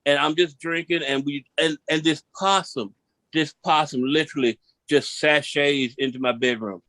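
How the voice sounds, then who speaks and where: A man from Memphis does a stand-up set, telling his story in an animated way and hammering his punchlines by repeating them. His voice sits a little high for a man. The sound is close and dry, with no room around it. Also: normal speed, no room sound. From Memphis, Tennessee. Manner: seated while performing. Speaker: stand-up comedian.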